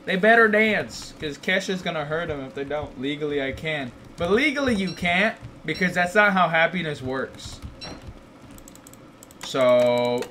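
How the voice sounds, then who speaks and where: A man live-streaming a game, joking and teasing in a high, bright voice that leaps all over the place. His casual chatter is goofy, and he breaks into excited outbursts now and then. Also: a little slow, a little hiss or hum.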